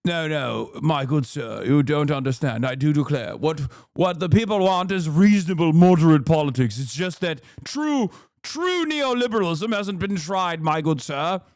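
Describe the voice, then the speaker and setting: A man's voice: on the high side, animated, normal speed, few pauses, darkish tone, no echo, studio quality. Guy doing a fake posh british accent, pompous stuffy centrist type, plummy and talking down. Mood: condescending. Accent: put-on posh British. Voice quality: plummy, condescending.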